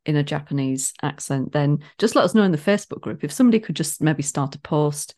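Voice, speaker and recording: A woman's voice: low-pitched, animated, fast, darkish tone. A middle-aged woman co-hosting a casual podcast, playful and teasing. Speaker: podcast co-host. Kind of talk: casual chat.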